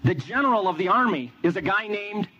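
Animated storytelling preacher, lo-fi. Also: male voice, high voice, a little fast, faint music behind. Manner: animated storyteller, quizzes audience. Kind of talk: sermon with audience questions. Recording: dull lo-fi with faint noise.

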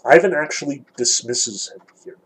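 Husky-voiced man giving a literature lecture. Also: medium pitch, moderate pace, fairly bright tone, rough recording. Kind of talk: lecture with dramatic read-aloud passages.

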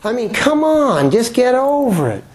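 A man giving a relaxed, joking talk to a room full of people at the start of a yoga class, often checking in with rhetorical questions. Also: very high-pitched, measured pace. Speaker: yoga teacher.

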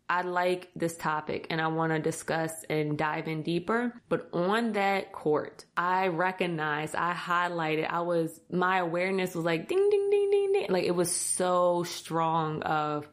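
A woman hosting a casual talk, telling a funny story to her listeners and acting out her own panicked thoughts in a jumping, higher voice. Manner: animated, self-mocking, acts out her own thoughts in a higher voice; talks directly to listeners as "y'all". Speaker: podcast host.

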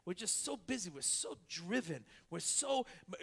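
A man pastor preaching a sermon, who swings from quiet asides to loud preaching and tells stories with quick back-and-forth dialogue. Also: high-pitched, big pitch swings, vocal fry, breathy edge.

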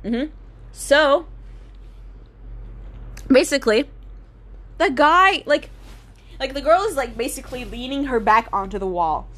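A woman's voice: sits high, a little slow, pauses often, a bit bright. A young woman with a slightly raised voice rants to camera in a loose, rambling monologue. She is sarcastic and swears freely, leaning on fillers as she goes. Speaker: vlogger.

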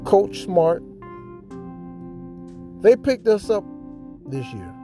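A man with a very dark, mellow tone that sits a little high in pitch. He tells his story earnestly and dramatically, repeating lines for effect. Soft guitar music plays faintly behind him. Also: very animated, very slow. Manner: earnest, heartfelt. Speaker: podcast host. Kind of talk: emotional sports fan monologue.

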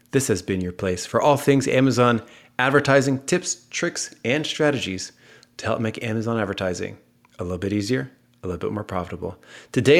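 An American man hosts a casual podcast interview, chatty and quick to joke. His voice sits on the low side. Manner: upbeat, joking, chatty. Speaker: podcast host.

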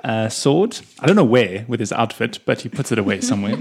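A woman playing a tabletop role-playing game, describing her character's moves in a playful, animated way and laughing often. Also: a bass voice, brisk, a little hiss or hum. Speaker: player.

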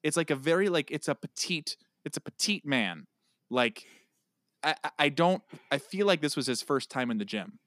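Guy on a podcast telling gym and work stories, gets loud and worked up, dry close mic sound. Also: on the high side, moderate pace, dry recording. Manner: animated storyteller, gets loud when riled. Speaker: podcast co-host. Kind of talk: casual chat.

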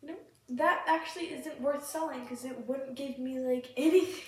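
A woman hosting a gaming podcast, chatting casually and excitably while she plays, giggling often and sounding sick. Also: sits high, normal speed. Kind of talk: casual gameplay chat. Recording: very echoey room, distant mic, faint hiss.

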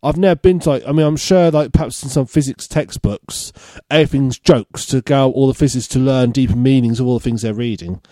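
A man's voice: medium pitch, brisk, few pauses, dark tone, dry recording. A man hosting a casual comedy podcast, reading out odd news stories and adding laughing asides. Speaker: podcast host.

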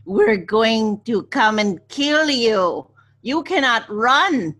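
A woman putting on the voice of a menacing male enemy officer who taunts over the radio, slow and creepy. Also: on the high side, expressive, fairly bright tone, full character voice. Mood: taunting.

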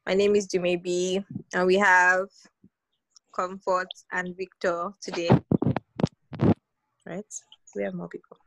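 A woman's voice: on the low side, level tone, slow pace, long pauses, a bit bright, rough recording. Playful young Nigerian woman hosting. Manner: playful, laughs often, sings along. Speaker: podcast host. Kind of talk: casual group chat.

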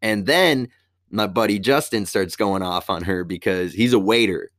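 A man telling a story as a profane comedic rant, animated, with heavy swearing and sudden leaps up in pitch. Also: moderate pace, dry recording, clean studio sound.

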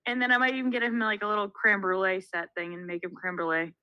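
A woman's voice: mid-range voice, little pitch movement, fast talker, clean tone, no room sound, highs cut off. A young woman co-hosting a podcast, chatty and telling family stories with lots of fillers. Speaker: podcast co-host. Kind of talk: casual chat.

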